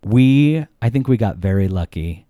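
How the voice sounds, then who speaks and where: Joking, animated male storyteller. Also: fairly low pitch, moderate pace, dry recording, clean studio sound. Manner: animated, jokey, acts out quotes. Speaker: podcast guest. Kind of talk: casual storytelling.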